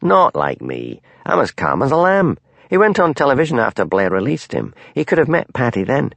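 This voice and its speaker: A man's voice: mid-range voice, wildly swooping pitch, normal speed, vocal fry, no room sound, voice pushed up, full character voice. A man voicing a blunt, crude, hard-drinking male police detective.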